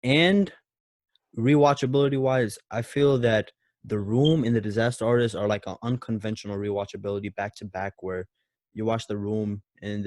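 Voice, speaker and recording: A man's voice: on the low side, a little mellow, no room sound, clean studio sound. A man co-hosting a casual movie podcast who laughs often and acts out quotes in shifting voices. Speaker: podcast co-host.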